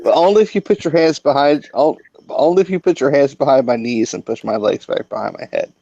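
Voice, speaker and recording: A man's voice: medium pitch, fairly quick, creaky, mellow, no room sound. A man chatting on a group call, crude and teasing, swearing freely. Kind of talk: casual chat. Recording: dull lo-fi dry call audio.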